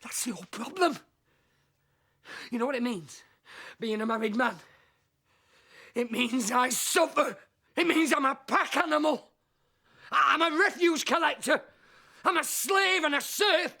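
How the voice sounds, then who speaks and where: An actor playing a desperate, henpecked married clerk who pleads frantically and breaks into shouted rants. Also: male voice, very high voice, a little slow, pauses often, exaggerated voice. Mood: bitter. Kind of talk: filmed comedy drama acting.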